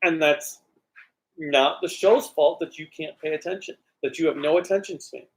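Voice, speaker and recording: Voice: medium pitch, normal speed. A co-host in casual chat, critical and insistent about a TV show's writing. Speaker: podcast co-host.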